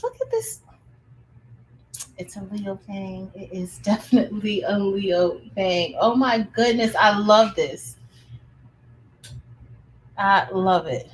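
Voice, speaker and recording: A woman's voice: mid-range voice, slight background noise, poor audio. A woman, hosting a casual craft livestream, chatty and enthusiastic, full of fillers and restarts as she addresses her viewers.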